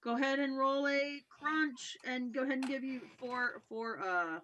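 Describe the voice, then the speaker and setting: A woman running a tabletop game as game master, narrating haltingly with many fillers. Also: sits high, sharp tone, lo-fi sound, slight background noise.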